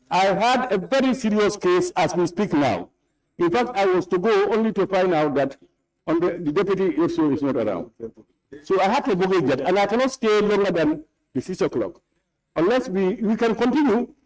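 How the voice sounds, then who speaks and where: A man's voice: high-pitched, darkish tone, low-quality recording. A man with a Gambian English accent chairing a parliament session, stern and scolding, repeating himself as he presides over a heated debate. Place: parliament chamber.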